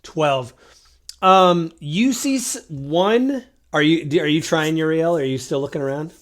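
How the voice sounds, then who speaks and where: A man's voice: fairly high pitch, unhurried. A man running a tabletop game as game master, narrating loosely with lots of fillers. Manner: loose, rambling, full of fillers.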